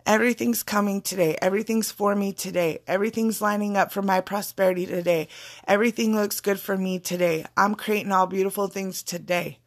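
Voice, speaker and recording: Woman motivational speaker, gravelly, emphatic and repetitive, blunt profanity. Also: medium pitch, steady tone, fairly quick. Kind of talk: casual spiritual pep talk.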